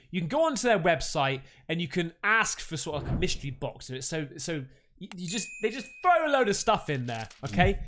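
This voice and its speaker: A man hosting an excited unboxing chat, excitable, with loud exclamations, calling everyone mate. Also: on the high side, fairly quick. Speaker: paranormal YouTuber.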